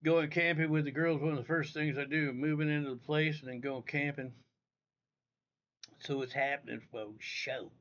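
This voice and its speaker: A man's voice: on the high side, little pitch movement, a little fast, few pauses, a bit bright. A man hosting a casual livestream, rambling and cursing freely as he talks straight to his viewers from home. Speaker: livestream host. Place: indoors at home. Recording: dull lo-fi audio.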